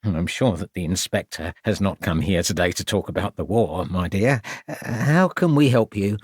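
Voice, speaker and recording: A man's voice: low-pitched, animated, normal speed, husky, no room sound, studio quality. Man doing a small, nervous lodging-house keeper. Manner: nervous, placating.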